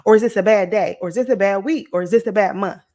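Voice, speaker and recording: A woman about to turn forty, giving an energetic, encouraging motivational talk to her viewers, checking in often with "okay?" and "right?". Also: medium pitch, quick pace. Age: late 30s. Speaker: motivational vlogger. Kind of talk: casual motivational talk to camera.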